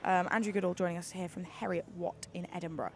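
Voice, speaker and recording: A woman doing live sports commentary, excitable and gushing, with lots of fillers and restarts. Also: on the low side, fast talker. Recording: busy venue noise behind.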